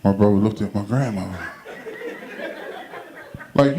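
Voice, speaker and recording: A man doing stand-up comedy, telling animated stories and acting out the people in them, on a club stage with a handheld mic. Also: mid-range voice, moderate pace. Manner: animated, acts out quotes with loud shouted punchlines. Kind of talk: stand-up storytelling.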